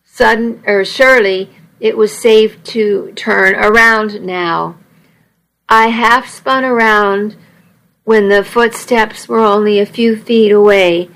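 A woman's voice: mid-range voice, steady tone, slow pace, fairly bright tone, rough recording. A woman reading a first-person story aloud in a wry, conversational way. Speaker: audiobook narrator.

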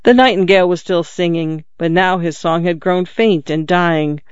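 Audiobook narrator, measured storytelling, smooth clear voice, dry slightly dull recording. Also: medium pitch, no echo. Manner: measured, descriptive reading.

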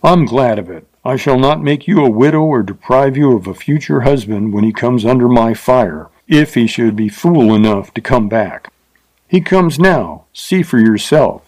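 A man's voice: mid-range voice, lively intonation, moderate pace, darkish tone, lightly acted. A man voicing a boastful, threatening male gunslinger of the Old West in an audiobook.

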